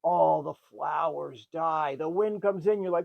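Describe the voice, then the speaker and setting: A man's voice: a little high, a little slow, vocal fry, lo-fi sound. A man casually recapping an old film's plot as a podcast host, acting out the characters' lines and swearing freely. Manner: repeats a stock phrase. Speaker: podcast host reviewing a film.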